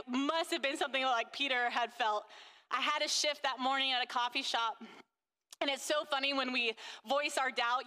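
A woman's voice: high voice, pushed and bright, clean tone, in a large hall. A woman sharing a casual faith testimony about being a mother. She gushes and fills her talk with restarts and fillers. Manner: gushing, full of fillers and restarts.

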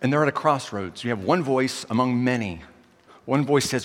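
A man preaching a sermon, his voice swinging from loud passages to quiet, intimate ones. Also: mid-range voice, brisk, long reverb tail. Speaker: pastor.

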